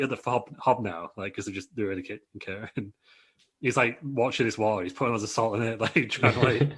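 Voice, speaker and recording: A man's voice: on the low side, brisk, fairly bright tone, husky. A man co-hosting a podcast, rambling through a comic story with laughs and silly voices. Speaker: podcast co-host. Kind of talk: comedic storytelling chat.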